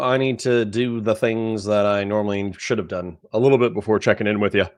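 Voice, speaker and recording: Sleepy guy rambling on his morning stream, lowish voice, yawns between thoughts. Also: fairly even intonation, a little fast, hardly any pauses, darkish tone. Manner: rambling, chatty, self-deprecating. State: sleepy, yawning. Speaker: livestream host. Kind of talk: casual livestream chat.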